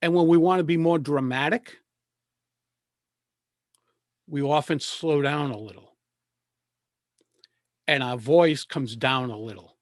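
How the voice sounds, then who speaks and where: A man speaking as a presentation coach over a video call. He talks in a measured way and leaves deliberate pauses. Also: a little high, no room sound, studio quality.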